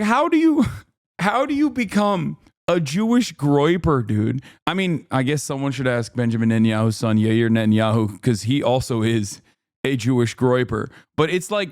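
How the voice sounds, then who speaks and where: A man in his thirties doing casual stream commentary on videos, profane and sarcastic, with animated swings in delivery. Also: medium pitch, clear, resonant tone, no room sound, clean studio sound.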